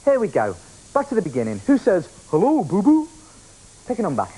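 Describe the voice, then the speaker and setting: A man hosting a children's game show, playful and energetic, often shouting to the contestants. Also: on the high side, fast talker, slightly rough, poor audio. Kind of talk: lively TV game show presenting.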